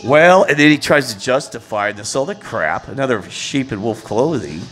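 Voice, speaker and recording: A man on a passionate, indignant religious rant, repeating his exasperation and rising to loud peaks. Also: mid-range voice, animated, moderate pace, faint music behind. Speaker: vlogger.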